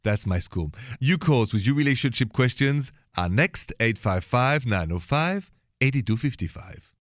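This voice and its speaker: A man's voice: medium pitch, expressive, unhurried, no echo, studio quality. A man with a French accent hosting a call-in radio show about relationships, chatty and suave, laughing easily. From France.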